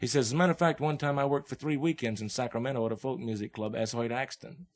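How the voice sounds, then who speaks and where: Crowd noise surrounds a young man's mid-range voice, which moves fast with fairly even intonation. He's an Oklahoma-born guest musician telling casual stories in relaxed hip slang, often laughing and voicing the people he describes.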